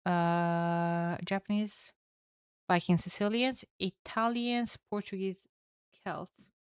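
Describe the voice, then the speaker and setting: Smooth-voiced woman casting a strategy game. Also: medium pitch, slow, dry recording, clean studio sound. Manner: chatty, excitable, swears and laughs at herself. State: tired with a headache. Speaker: esports caster. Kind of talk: solo game commentary to a live chat.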